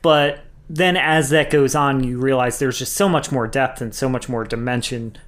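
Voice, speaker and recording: Chill guy on a movie podcast, mid-pitch voice, into the film. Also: moderate pace. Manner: relaxed, enthusiastic, loose phrasing. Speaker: podcast co-host. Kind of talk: casual film discussion.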